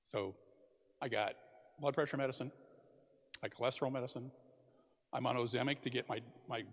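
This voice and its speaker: Older man, interview guest, gravelly husky voice, plain talker, hall reverb. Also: medium pitch, steady tone, fairly quick. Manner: plainspoken, self-deprecating. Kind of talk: casual interview. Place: church hall.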